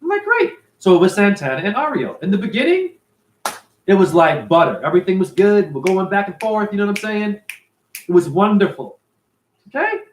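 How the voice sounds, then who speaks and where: A man's voice: sits high, very animated, fairly quick, slight background noise. A man hosting a casual livestream, talking animatedly and profanely and answering viewers by name. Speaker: livestream host reading chat.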